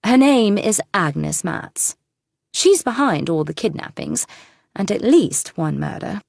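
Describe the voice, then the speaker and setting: A woman's voice: medium pitch, big pitch swings, takes it slowly, gravelly, a little mellow, no echo, studio quality, voice pushed up, full character voice. A woman voicing a determined woman detective in an audiobook, speaking in an urgent, accusing way. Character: sharp, determined older woman sleuth. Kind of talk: audiobook character reading.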